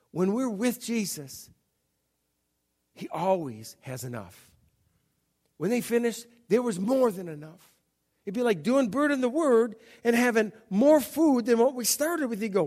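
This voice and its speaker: A middle-aged man with a notably high voice preaches to his congregation. He talks in an easygoing, conversational way and slips into quick character voices to act out the story. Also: darkish tone. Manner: conversational, acts out Bible scenes in voices. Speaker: pastor. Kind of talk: sermon.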